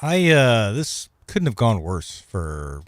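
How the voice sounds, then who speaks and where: A man's voice: lowish voice, big pitch swings, slow, no echo. A man co-hosting a talk radio show, speaking casually in an emphatic, exasperated way. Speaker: radio co-host.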